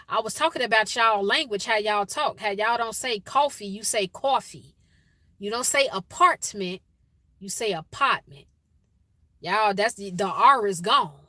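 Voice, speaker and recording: Woman, chicago accent, livestream host, bright forceful voice, dry close sound. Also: fairly high pitch, dry recording. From Chicago, USA. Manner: chatty, greets viewers by name, says y'all. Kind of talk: casual livestream chat.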